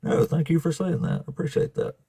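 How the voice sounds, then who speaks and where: A man's voice: a little high, very animated, brisk, vocal fry, dark tone, husky, no room sound. A man with an Alabama accent hosting a live stream, talking casually and bluntly, swearing freely and laughing often. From Southern US.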